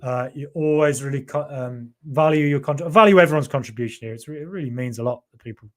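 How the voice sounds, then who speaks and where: A man hosting a football podcast in a casual live-stream chat, talking in an animated way and reading out viewer comments. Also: mid-range voice, fast talker. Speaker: podcast host.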